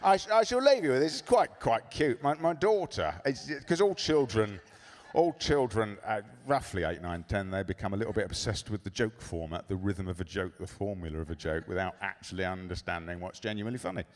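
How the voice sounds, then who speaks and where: A man doing a stand-up comedy set in a club, sardonic and profane with deadpan asides. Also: lowish voice, fairly quick, few pauses.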